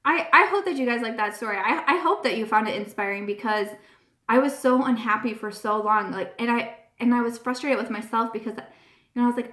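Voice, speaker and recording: A woman's voice: on the high side, brisk, fairly bright tone. A woman hosting a casual live-stream chat, talking in a gushing, earnest way and often repeating herself. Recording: roomy echo.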